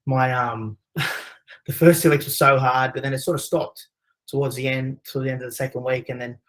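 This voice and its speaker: A man's voice: medium pitch, fairly even intonation, normal speed, fairly bright tone, low-quality recording. A man with an Australian accent, presenting a webinar and telling a personal story in a conversational way, with many fillers. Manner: conversational, frequent "you know" fillers.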